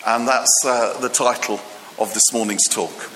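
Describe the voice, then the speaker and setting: A man delivers a humorous, conversational sermon in a church hall, bantering with the congregation and leaning on fillers. His medium-pitched voice is steady, a little slow, pushed and bright; the hall echoes with long reverb, and there's slight background noise.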